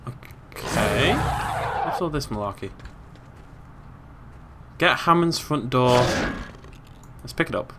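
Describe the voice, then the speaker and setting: A British man hosting a let's play, joking, talking to the game and making squeaky silly noises as he plays. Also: animated, takes it slowly, long pauses, heavy background noise. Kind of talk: casual gameplay commentary.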